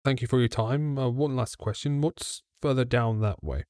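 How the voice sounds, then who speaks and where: A man's voice: medium pitch, normal speed, a little mellow, dry recording, clean studio sound. A man playing a tabletop game, chatty and inquisitive. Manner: chatty, restarts and fillers, probing questions. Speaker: player. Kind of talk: casual in-character tabletop play.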